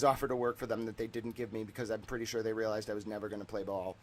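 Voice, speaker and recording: A man hosting a stream, talking in a rambling, digressive monologue that swings between loud and mumbled. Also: on the low side, little pitch movement, rapid-fire, few pauses. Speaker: streamer host.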